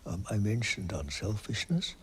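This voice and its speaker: A man speaking in a reflective interview, slow and hesitant with many pauses, his phrases trailing off into a breathy near-whisper. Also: lowish voice, very animated, a bit bright. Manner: thoughtful, with many pauses and fillers.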